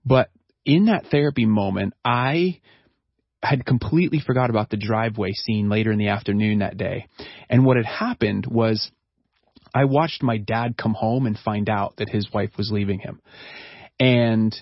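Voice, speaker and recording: A middle-aged man, a counselor, telling a personal story in an interview in an earnest, reflective way with halting restarts. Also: on the low side, no echo, dull audio. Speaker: counselor and guest.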